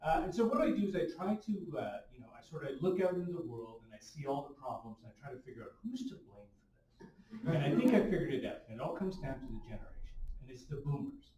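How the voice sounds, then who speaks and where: A man's voice: mid-range voice, mellow. A middle-aged man doing stand-up, grumbling and hesitant with many ums and uhs. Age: Generation X, 40s or 50s. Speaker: stand-up comedian. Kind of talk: stand-up comedy set. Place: comedy club stage. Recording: echoey room, from far off.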